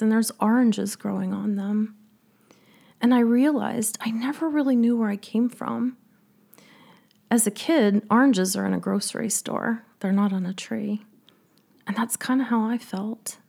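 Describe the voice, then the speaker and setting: A middle-aged woman shares a personal story with quiet emotion and often sinks to a whisper. Her voice is husky, with a gravelly fry and a mellow, dark tone. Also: medium pitch. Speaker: speaker and coach.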